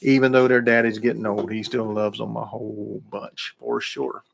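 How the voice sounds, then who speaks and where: A man's voice: on the low side, little pitch movement, moderate pace, gravelly. A middle-aged man, hosting a radio show in a casual, folksy way and greeting listeners in the chat by name.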